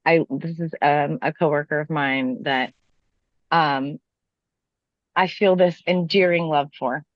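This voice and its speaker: A woman in casual chat, telling a story with animated delivery and casual swearing. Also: deep voice, slow pace, no echo, dull audio. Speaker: podcast co-host telling a work story.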